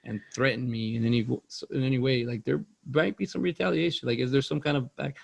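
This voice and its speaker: Gravelly man in rambling movie chat. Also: mid-range voice, fairly even intonation, quick pace. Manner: rambling, loose, says "like" and "dude" a lot. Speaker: podcast host.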